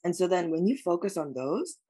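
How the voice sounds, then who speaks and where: A woman's voice: lowish voice, very animated, a little fast, dark tone, breathy edge. A woman speaking as a life coach guest in an interview, answering in an earnest, reflective way with many "like" fillers.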